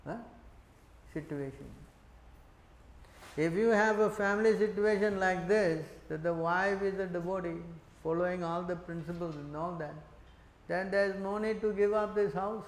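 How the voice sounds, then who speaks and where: A man's voice: high-pitched, echoey room. A man giving a scripture class who keeps asking the audience questions, laughs, and acts out quotes as he preaches. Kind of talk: sermon.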